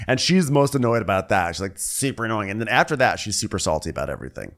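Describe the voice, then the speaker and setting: A man co-hosting a comedic recap podcast, rambling and mocking people with quick impressions. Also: fairly low pitch, very animated, a bit bright. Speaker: podcast co-host.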